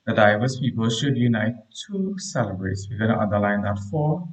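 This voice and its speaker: A man leads a live online grammar lesson at a middle pitch, reading sentences aloud and repeating them slowly before he explains them. He talks into a computer mic and speaks straight to his pupils in the chat. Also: lively intonation, creaky, rough recording. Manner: reads each line aloud and repeats it slowly. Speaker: primary school teacher.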